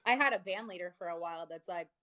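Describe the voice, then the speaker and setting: A woman's voice: lowish voice, fast talker. Candid, outspoken woman host. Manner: candid, swears freely, animated storytelling. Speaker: podcast host. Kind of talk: casual chat.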